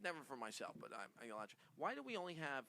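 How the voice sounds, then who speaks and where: A man's voice: a little high, sing-song, very fast, vocal fry, sharp tone, slight background noise. A man hosting a radio talk show, chatting casually with guests, laughing often and tripping over his own words. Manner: rambling, laughs often, stammers and repeats himself. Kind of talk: casual studio chat.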